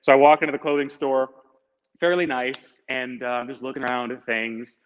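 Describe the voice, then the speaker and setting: A man's voice: mid-range voice, moderate pace, smooth. Young man telling a story in an echoey hall. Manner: casual, animated, lots of "like". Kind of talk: comic live storytelling. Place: event space, streamed online. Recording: echoey, slightly muffled hall sound.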